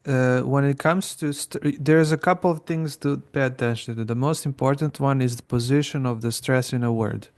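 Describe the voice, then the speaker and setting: Gravelly-voiced man co-hosting a language podcast. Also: mid-range voice, fairly even intonation, normal speed, hardly any pauses. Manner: explains plainly, with fillers and restarts. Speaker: podcast co-host. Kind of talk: casual educational chat.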